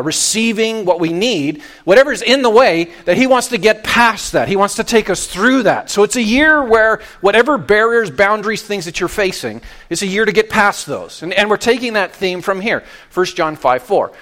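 A man's voice: expressive, moderate pace, few pauses, a bit bright. A man from Canada, a pastor giving a conversational sermon, often restarting his phrases as he explains. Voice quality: deep voice.

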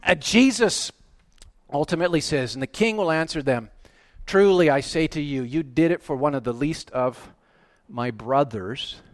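A man preaching a sermon, animated and emphatic, often rising to loud, excited peaks. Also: on the high side, normal speed, no echo, studio quality. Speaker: pastor.

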